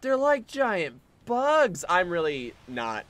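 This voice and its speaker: A man gives casual, sarcastic running commentary on a game he is playing. His voice sits a little high and swings wildly up and down, often jumping into silly squeaky exclamations. He swears freely and jokes about everything going wrong. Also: wildly swooping pitch, slow, a bit bright. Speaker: game streamer.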